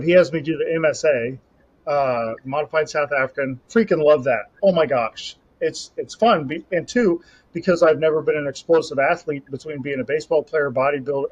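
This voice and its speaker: A young man on a podcast, casually telling a rambling, animated story about a competition. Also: a little high. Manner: rambling, animated storytelling with self-talk asides. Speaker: podcast co-host and Highland Games athlete. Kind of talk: casual chat. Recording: slightly dull lo-fi audio.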